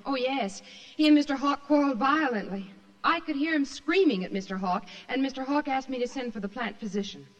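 An actress playing an eager young secretary giving earnest testimony, in 1940s radio acting. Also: female voice, sits high, lively intonation, fairly quick. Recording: muffled old radio recording.

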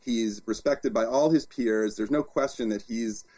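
A man, an author and guest, talking in an interview as an animated storyteller with frequent restarts. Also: mid-range voice, unhurried. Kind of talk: interview conversation.

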